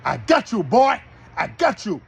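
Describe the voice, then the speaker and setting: A man's voice: high voice, wildly swooping pitch, unhurried, creaky, breathy edge, pitched above the performer's own voice, heavily acted. A man voicing the devil as a gloating male figure who taunts his victim in a triumphant tone.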